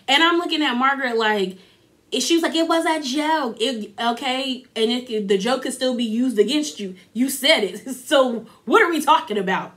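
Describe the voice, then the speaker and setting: A woman hosting a casual reality TV recap, talking in an animated, sassy way and acting out what people said. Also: sits high, normal speed. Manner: animated, sassy, acts out quotes in her own voice.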